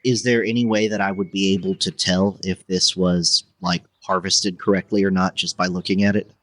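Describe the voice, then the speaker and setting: A man taking part as a player in a tabletop role-play, asking relaxed, thoughtful questions. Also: low voice, normal speed, dry recording.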